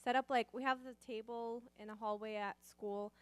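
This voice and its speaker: A woman's voice: a little high, fairly even intonation, moderate pace, clean tone, dry recording. A young college woman telling a church group about a campus outreach, speaking casually with many "like"s and "um"s. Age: young adult. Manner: casual, rambling, lots of "like" and "um". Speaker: college student sharing testimony. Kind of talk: church testimony.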